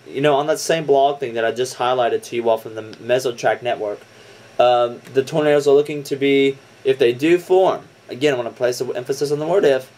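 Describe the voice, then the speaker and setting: Young man, amateur weather vlogger, earnest, casual, halting with fillers, repeats for emphasis, mid-pitched voice. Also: darkish tone. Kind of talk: casual weather briefing to viewers.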